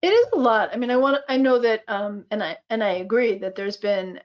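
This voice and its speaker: A woman's voice: mid-range voice, brisk, lo-fi sound. A woman in her fifties, a physician and midwife, speaking on a webinar video call in a reflective, storytelling way with frequent fillers. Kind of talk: webinar conversation.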